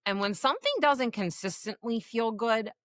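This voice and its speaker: A woman's voice: a little high, normal speed, a bit bright, dry recording. A woman in her forties co-hosting a casual podcast as a coach, giving earnest, encouraging advice. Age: 40s.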